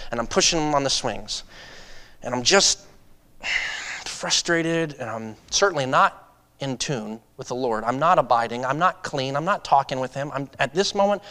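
A male preacher giving a sermon, swinging from impassioned urging to hushed personal storytelling. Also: in a large hall. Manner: impassioned, rising in pitch and volume to urge; hushed and confessional when telling stories.

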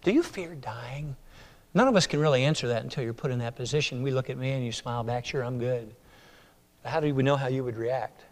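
A man preaching a sermon in a church, firing rhetorical questions and swinging between loud urging and hushed, quiet passages. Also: medium pitch, a little fast. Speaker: pastor. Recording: reverberant hall.

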